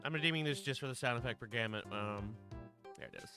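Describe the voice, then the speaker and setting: A woman's voice: a bass voice, quick pace, music in the background. A woman streaming a game playthrough, commenting with laughing asides and swearing.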